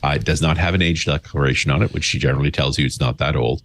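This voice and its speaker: A man's voice: very deep voice, very fast, fairly bright tone, no room sound. A man as a regular co-host in casual podcast chat, explaining things at length and wandering off into tangents.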